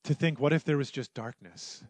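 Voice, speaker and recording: A man preaching a sermon, moving between hushed, low passages and loud, raised emphasis. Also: moderate pace, no echo. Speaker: pastor.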